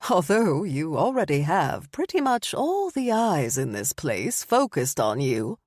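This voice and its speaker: A woman voicing a suave old male vampire pub owner with a British accent, polished and gently joking. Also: sits low, sing-song, unhurried, dry recording, clean studio sound, heavily acted. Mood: teasing.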